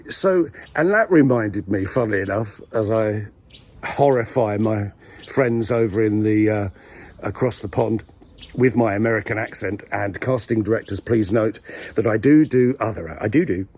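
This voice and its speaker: Wry husky man rambling. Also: fairly low pitch, a little mellow. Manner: wry, dry humour, hesitant with many ums. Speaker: vlogger. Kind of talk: casual rambling monologue. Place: village graveyard outdoors.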